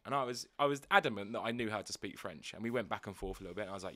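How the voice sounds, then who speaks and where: A man's voice: on the low side, very fast, sharp tone. A man co-hosting a podcast, telling self-mocking stories and acting out the voices in them. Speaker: podcast co-host. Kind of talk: casual storytelling chat.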